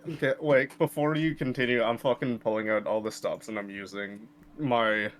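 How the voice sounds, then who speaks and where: A man's voice: medium pitch, fairly even intonation, moderate pace, a bit bright. A man playing a tabletop game, flustered and swearing as he searches through his character sheet. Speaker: player. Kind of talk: casual game chat.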